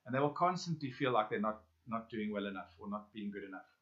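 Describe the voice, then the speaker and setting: A man leading a self-help workshop, speaking straight to his listeners with questions and pauses. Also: lowish voice, animated, a bit bright. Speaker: workshop facilitator. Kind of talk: guided self-help lesson. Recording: dull lo-fi audio.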